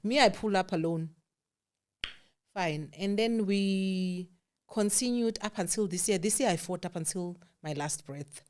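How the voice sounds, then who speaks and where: A South African woman, a guest telling a personal story in a candid, animated way, voicing the people she quotes and dropping to a hush at times. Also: medium pitch, measured pace. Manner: candid, animated quoting of others, drops to hushed tones.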